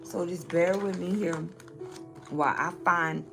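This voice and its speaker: A woman's voice: on the low side, steady tone, a little slow, gravelly. A woman reading tarot cards for her viewers, pressing her points by saying them twice. She checks in with "okay?" again and again while she hunts through her decks. Faint music plays under her voice. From New Orleans, Louisiana. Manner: emphatic, repeats lines, frequent "okay?" check-ins. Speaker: tarot reader.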